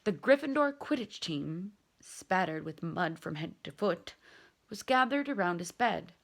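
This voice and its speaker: A woman reading a novel aloud in an expressive, dramatic storytelling manner. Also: on the low side, a little slow, gravelly. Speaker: reader.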